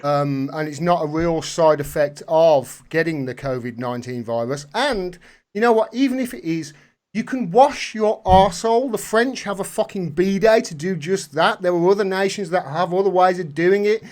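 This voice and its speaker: A man hosting a live video call, talking animated and swearing freely as he rants. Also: sits high, moderate pace. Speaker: host. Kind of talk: casual chat.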